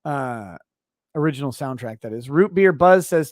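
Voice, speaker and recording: A male host reading viewer messages aloud on a casual livestream, relaxed and wry. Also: mid-range voice, normal speed, dry recording, clean studio sound. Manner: relaxed, wry, trailing off with fillers.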